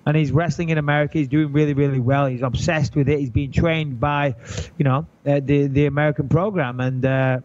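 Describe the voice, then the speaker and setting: A man in his thirties with an English accent, chatting on a podcast in an animated, joking and profane way. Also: on the high side, a little fast, muffled recording. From England. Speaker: podcast guest. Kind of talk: casual podcast chat.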